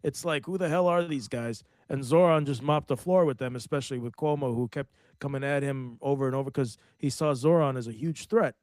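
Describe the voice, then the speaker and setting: A male podcast host reacts to clips in blunt, profane and animated casual commentary. His voice sits at a middle pitch and sounds close and dry, with no room around it. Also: fairly quick, few pauses, no echo.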